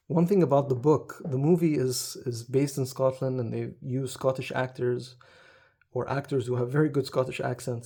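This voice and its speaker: A man's voice: medium pitch, dark tone. A man talking casually to camera about books and films, hesitant with many fillers and restarts. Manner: hesitant, many ums and restarts, laughs often. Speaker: book video creator. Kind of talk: casual book talk to camera.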